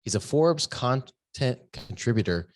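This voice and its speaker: A man's voice: medium pitch, lively intonation, measured pace. A man with a Texan accent hosting an interview in a loose, friendly way. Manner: friendly, loose, calls guest brother. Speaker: podcast host. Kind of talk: casual interview chat.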